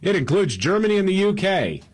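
A man co-hosting a radio talk show, running through the day's top stories in a relaxed, chuckling way. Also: high-pitched, a little fast. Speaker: radio talk show co-host reading headlines. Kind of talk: casual radio news rundown.

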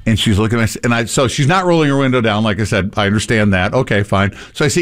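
A man's voice: on the low side, fast talker, hardly any pauses. A man in casual chat, telling an anecdote and acting out what he said. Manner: animated anecdote teller acting out his own lines.

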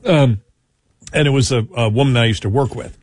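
A man's voice: mid-range voice, fairly quick. A man hosting a casual political talk show, rambling through anecdotes with many restarts and chuckles. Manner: rambling, self-interrupting, chuckling storyteller. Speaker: radio talk show host.

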